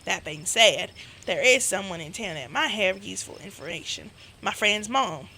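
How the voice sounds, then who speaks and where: A woman voicing an easygoing young small-town friend with a Southern country accent, with loud game music behind her. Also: mid-range voice, animated, moderate pace, slight background noise, pitched below the performer's own voice. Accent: American Southern country.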